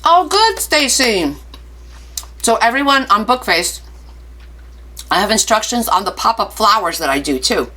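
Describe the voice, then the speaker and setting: A woman's voice: mid-range voice, expressive, measured pace, pauses often, pushed and bright. A woman hosting a casual craft live stream, chatty and playful, reading viewer comments aloud and answering them with jokey asides. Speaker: craft livestream host.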